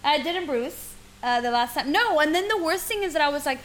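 A young woman on a podcast telling a story casually, animated and acting out the quoted voices, laughing often. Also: high voice, fairly quick, slight background noise. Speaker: podcast co-host.

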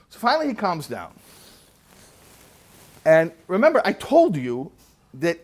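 Rabbi lecturing students, storytelling style, slightly higher-pitched male voice, animated, lots of restarts. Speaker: rabbi giving a talk. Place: room in front of a student group.

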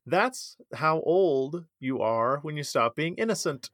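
A man's voice: fairly high pitch, expressive, slow, fairly bright tone, no echo, clean studio sound. A man co-hosting a podcast in casual chat, joking and teasing. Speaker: podcast co-host.

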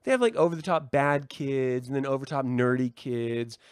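A man hosting his own podcast, excitedly chatting, laughing and swearing often. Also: medium pitch, normal speed, clear, resonant tone, no echo, studio quality. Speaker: podcast host. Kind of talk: casual podcast chat.

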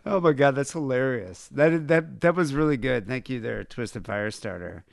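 A man's voice: medium pitch, moderate pace, gravelly, no echo, studio quality. A man hosting a podcast, chatting loosely and crudely with a lot of hesitation. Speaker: podcast host. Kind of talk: casual podcast chat.

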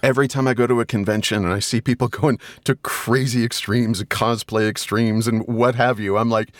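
A middle-aged man, an audiobook narrator, telling stories casually as a podcast guest, animated and swearing freely, with sudden loud high-pitched asides. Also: normal speed, hardly any pauses, no echo. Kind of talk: casual storytelling interview.

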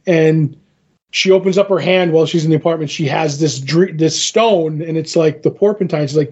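A man's voice: on the high side, steady tone, normal speed, darkish tone, breathy edge, highs cut off. A man co-hosting a podcast, recapping a comic book issue in a casual, rambling way with many fillers. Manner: retells a comic with filler words and restarts. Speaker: podcast co-host.

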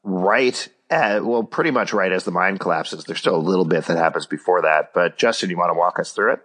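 A man's voice: low-pitched, a little fast, a bit bright. A man hosting a casual podcast, recapping a TV episode with jokes and lots of "uh"s as he thinks aloud. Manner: jokey, thinks aloud with many fillers. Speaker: podcast host.

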